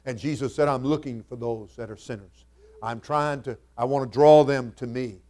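A man, the senior pastor, preaching a sermon that moves from quiet, conversational asides to loud, emphatic scripture readings in King James wording. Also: mid-range voice, normal speed.

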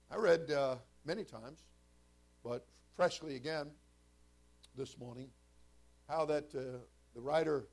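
A man preaching a sermon as pastor, shifting from quiet, folksy talk to loud, shouted preaching. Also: a little high. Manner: conversational, folksy asides.

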